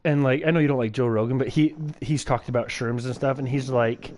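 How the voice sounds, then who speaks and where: A man chatting loosely while he streams a game, piling on "like" and curse words as he rambles. His voice sits at an ordinary, middle pitch for a man. The talk is casual and unscripted. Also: fairly even intonation, fairly quick, darkish tone. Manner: rambling, heavy swearing, lots of filler "like". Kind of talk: casual chat while gaming.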